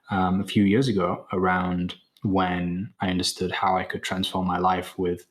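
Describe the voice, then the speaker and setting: A man hosting his own podcast, speaking in an earnest, reflective monologue about spirituality and business, pausing often with fillers. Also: sits low. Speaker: podcast host.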